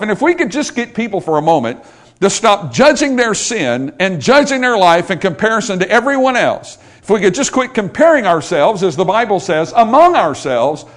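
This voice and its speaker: A male pastor preaching a sermon, building in intensity and pleading when he quotes scripture. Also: sits high.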